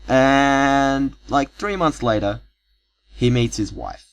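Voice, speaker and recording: A man's voice: mid-range voice, very animated, measured pace, creaky, rough recording. A young man telling an improvised story in a casual, profane, rambling way, full of asides, recorded on a cheap home microphone.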